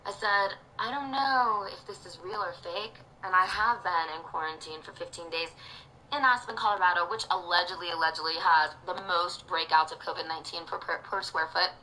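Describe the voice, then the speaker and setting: A woman's voice: on the low side, fairly quick, pushed and bright, slight background noise, low-quality recording. Dramatic rambling woman streamer. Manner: dramatic, scattered, theatrical. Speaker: livestreamer. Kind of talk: rambling livestream rant.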